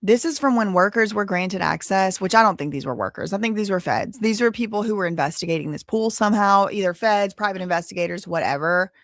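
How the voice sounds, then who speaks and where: A woman's voice: mid-range voice, expressive, fast talker, few pauses, dry recording, studio quality. A woman hosting a live case-update stream, chatting casually with viewers in a blunt, indignant way, sometimes cursing. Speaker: host.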